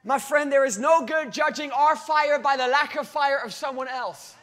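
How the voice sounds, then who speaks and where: Man preaching a sermon, very high pitch; builds to loud, stretched-out calls, then falls back low. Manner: rises to loud, drawn-out cries, then drops low.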